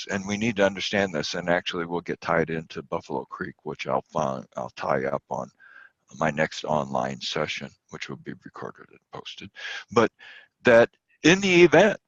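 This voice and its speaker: A man's voice: deep voice, a bit bright, dry recording, dull audio. A man giving an online lecture, stressing key points with rising emphasis and many fillers. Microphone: computer mic on video call.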